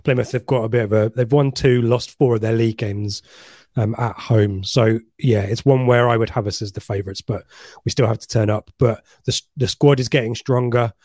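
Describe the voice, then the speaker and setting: A man's voice: medium pitch, fairly even intonation, brisk, darkish tone, no room sound. A man co-hosting a podcast in an easy, casual way, greeting listeners and passing along their messages. His voice sits in an ordinary middle register. The sound is dry and close, with no room around it. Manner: chatty, reads out listener messages. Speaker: podcast co-host. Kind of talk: casual live podcast chat.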